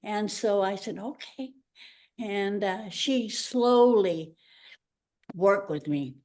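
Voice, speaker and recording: A woman's voice: medium pitch, slow. Older canadian lady, ex ballerina, chatty storyteller, does little voices for people. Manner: animated storyteller acting out quoted voices. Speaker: guest, retired ballerina and teacher. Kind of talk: casual storytelling interview.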